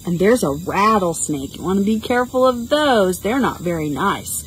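Lively sing-song librarian woman reading to toddlers. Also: mid-range voice, moderate pace, a little hiss or hum, low-quality recording. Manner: sing-song, coaxing, mimics animal sounds. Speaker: children's librarian. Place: outdoors.

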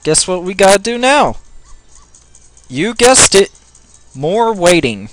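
Excitable man narrating his gameplay. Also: high voice, takes it slowly, faint music behind. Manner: excitable, jokey, prone to panicked yelling. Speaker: gameplay commentator. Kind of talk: let's play commentary.

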